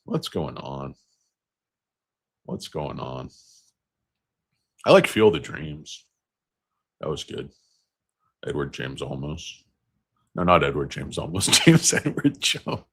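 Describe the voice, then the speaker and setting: A man's voice: rumbling low, animated, slow, long pauses, a bit bright, husky. A man hosting a casual, rambling stock market video with crude jokes. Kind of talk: casual chat.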